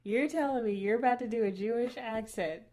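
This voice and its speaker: A woman's voice: a little high, fairly quick, darkish tone. A woman in casual chat who teases her friend and cuts in to get the details straight.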